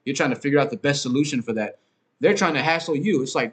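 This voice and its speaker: A man's voice: a little high, lively intonation, rapid-fire. Rambling, profane male podcast host. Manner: rambling, profane, many fillers and restarts. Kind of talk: casual monologue, ranting.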